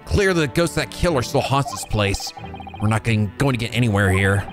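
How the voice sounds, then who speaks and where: Streamer reading a young lawyer hero, polite, animated, game music playing. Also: male voice, mid-range voice, a little fast, close to an everyday voice. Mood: earnest. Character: earnest young male Japanese defense lawyer.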